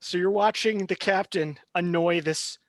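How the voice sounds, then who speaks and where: A man running a tabletop role-playing game as game master, narrating briskly and cheering players on. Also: sits high, dry recording. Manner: brisk, encouraging, laughs easily.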